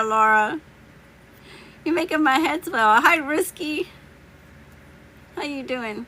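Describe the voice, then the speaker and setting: Losing her voice, which sounds a little worn, a woman tarot reader hangs out with viewers on a live stream, answering questions in a playful, laughing, slang-filled way. Her voice is higher, pushed and bright, with a bit of background noise.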